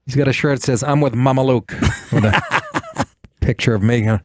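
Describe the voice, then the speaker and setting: Animated American host, lively pitch. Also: male voice, moderate pace, no room sound, studio quality. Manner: animated, exclaiming, swooping pitch. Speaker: podcast host. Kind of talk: casual podcast chat.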